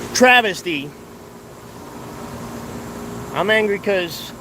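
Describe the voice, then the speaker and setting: A man's voice: sits high, background noise. A man livestreaming from a street protest outdoors, heated and confrontational as he talks to his viewers on a handheld phone. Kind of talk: live street protest stream.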